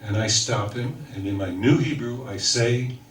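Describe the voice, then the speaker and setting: Older New Yorker spinning a wry tale. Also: male voice, mid-range voice, moderate pace, a little hiss or hum. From New York. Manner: wry storyteller, mimics voices in quotes. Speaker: speaker telling stories. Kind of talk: humorous anecdote for a live audience. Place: talk hall with audience. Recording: echoey room from far off.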